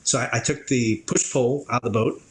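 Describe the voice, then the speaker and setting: A man who works as a drone operator, appearing as a podcast guest and telling stories in a casual, animated way, acting out how other people reacted. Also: medium pitch, brisk, poor audio. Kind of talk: casual interview storytelling.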